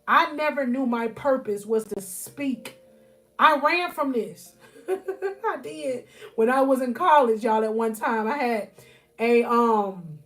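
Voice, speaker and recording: A woman with a high voice preaches encouragement on a phone live stream from her bedroom. Her delivery is fervent, and she builds on repeated phrases while calling out to her viewers. Soft music plays faintly behind her. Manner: fervent, repeats phrases, keeps addressing listeners as y'all. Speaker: life coach. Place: at home, near her bed.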